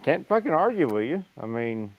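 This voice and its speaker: Cursing biker host telling stories. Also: male voice, fairly high pitch, very animated, normal speed, highs cut off, slight background noise. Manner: profane storytelling. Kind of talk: casual group chat.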